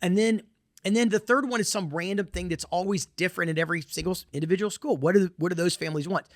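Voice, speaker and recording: A man's voice: high voice, quick pace, dry recording. Emphatic Southern man giving a talk. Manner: emphatic, repetitive, folksy asides. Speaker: presenter. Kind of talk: conference presentation.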